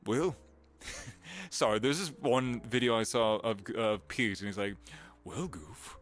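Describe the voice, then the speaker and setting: A man, a voice actor, chatting casually on a home livestream with a gravelly vocal fry, giggling and wandering between topics. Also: medium pitch, a little slow, fairly bright tone, soft background music. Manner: chatty, giggly, drifts into voice demos. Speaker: voice actor streaming.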